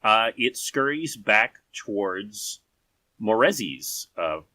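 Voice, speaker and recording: A man with a very low voice and a bright, forceful edge runs a tabletop game as game master. He paints each scene in unhurried, vivid detail, and the recording is dry and close. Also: very animated, no echo.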